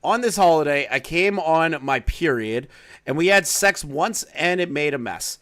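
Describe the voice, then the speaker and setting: A man's voice: on the high side, expressive, moderate pace, a bit bright. Man casually reading and mocking a document. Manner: casual, profane, sarcastic asides. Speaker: drama commentary YouTuber. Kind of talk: reading aloud and commenting on a document.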